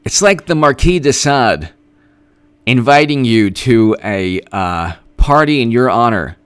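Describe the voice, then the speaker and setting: A man's voice: medium pitch, lively intonation, a little slow, clean tone. A man hosting a live-stream political commentary, talking in a sarcastic, rambling, mocking way.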